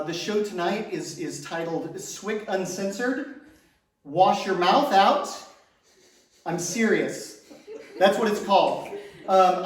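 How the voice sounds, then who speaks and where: A man performing a stand-up comedy set, self-mocking and fishing for applause for himself. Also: high voice. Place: comedy stage before a live audience. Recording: echoey room, far from mic.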